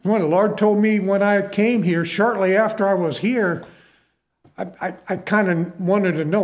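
A man's voice: high-pitched, steady tone, moderate pace. A male pastor preaching a sermon to his congregation in a folksy manner, repeating key phrases for emphasis.

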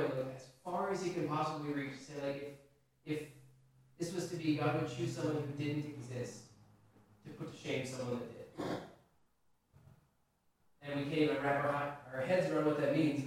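Guy preaching, kinda chatty, asks the crowd stuff, super echoey church, mic a bit far off. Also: on the high side. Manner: conversational preaching, asks the congregation questions. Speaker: pastor. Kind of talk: sermon. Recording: very echoey hall, voice from a distance.

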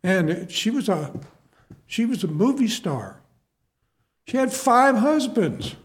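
A man preaching a sermon in an unhurried, folksy way, leaning on repetition to drive his points home. His voice sits notably high for a man, and he takes his time between phrases. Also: very animated. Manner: folksy, repeats key phrases for emphasis. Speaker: pastor.

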